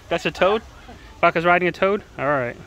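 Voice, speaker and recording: Recorded outdoors amid a crowd of zoo visitors, this parent's family vlog has a medium-pitched, animated, slightly bright voice at a moderate pace. They talk casually to the audience and playfully urge a child along.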